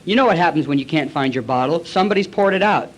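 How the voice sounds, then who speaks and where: A man's voice: fairly high pitch, expressive, fast, a little hiss or hum. A man in his forties giving a recovery meeting talk, a blunt, colloquial storyteller who acts out past conversations.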